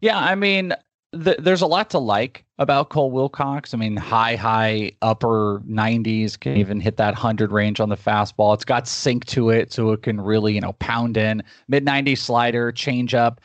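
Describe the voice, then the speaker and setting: A man's voice: medium pitch, steady tone, moderate pace, no room sound. Enthusiastic rambling analyst man, dry sound. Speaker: podcast guest and draft analyst. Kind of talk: casual interview answers.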